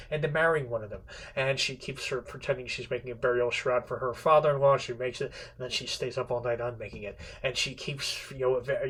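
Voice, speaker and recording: A man's voice: mid-range voice, fairly bright tone. A male literature teacher retelling a story in a casual, rambling classroom lecture, often restarting his sentences and slipping in the odd swear word. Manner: rambling, many restarts, playfully quotes characters; irreverent, occasional swearing.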